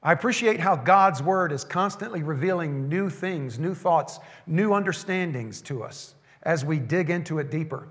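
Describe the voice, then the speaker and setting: A pastor preaching a sermon, slowing down to stress the scripture lines he quotes. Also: on the high side, expressive, fairly bright tone, big-room sound.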